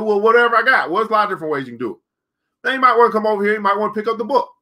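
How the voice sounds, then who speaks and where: This crypto trading class host's high voice races along, animated and sharp, as he runs his live online session. He keeps it casual but preachy and reads out comments from viewers.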